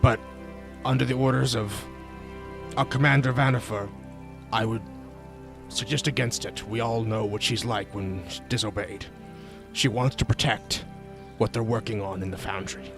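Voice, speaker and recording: A man voicing a stern, dutiful fortress guard with a low, gravelly voice. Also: steady tone, normal speed, pauses often, music in the background. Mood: warning.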